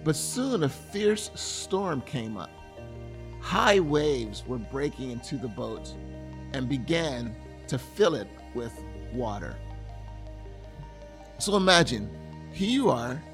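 A man's voice: mid-range voice, very animated, takes it slowly, pauses often, soft background music. A man preaching a sermon, retelling a scripture story with earnest, vivid storytelling and acting out the scene. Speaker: pastor.

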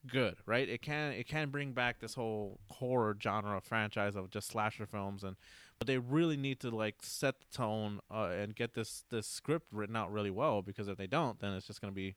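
A man chatting casually as a podcast co-host, rambling and halting, often breaking into laughter. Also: fairly low pitch, a bit bright, clear, resonant tone, dry recording. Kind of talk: casual chat.

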